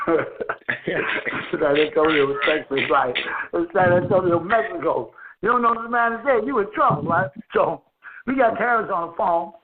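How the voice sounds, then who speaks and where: A loud crowd can be heard as a high-voiced man, speaking at a moderate pace, hosts a casual phone call-in chat from a friend's house. He laughs a lot while telling loose, profane stories, and the phone line is tinny with faint noise.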